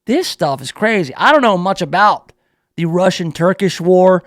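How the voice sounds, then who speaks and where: A man's voice: high voice, lively intonation, normal speed, no echo. A male radio talk show host reading a news story aloud in a playful, riffing way, drawing out words for emphasis in his studio.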